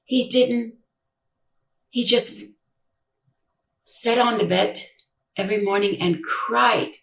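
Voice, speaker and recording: An older woman giving a personal account in an interview, speaking haltingly and repeating her words as she retells conversations. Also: medium pitch, creaky, fairly bright tone. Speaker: interview guest, grieving mother. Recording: echoey room, distant mic.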